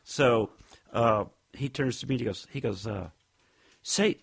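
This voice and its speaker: Husky-voiced man telling rambling stories. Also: medium pitch, moderate pace. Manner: rambling storyteller, acts out quotes. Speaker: podcast co-host. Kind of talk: casual chat.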